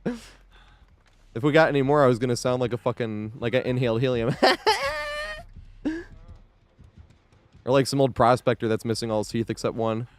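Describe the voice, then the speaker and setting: A man's voice: mid-range voice, steady tone, a little fast. A man streaming a game live, chatting casually with viewers, swearing freely, laughing often and thanking supporters as he plays. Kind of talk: live gameplay commentary.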